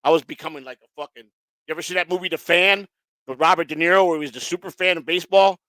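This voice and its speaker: A man's voice: a little high, fast talker, bright, forceful tone, dry recording. A man hosting a casual chat, rambling and swearing, with lots of restarts. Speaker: show host.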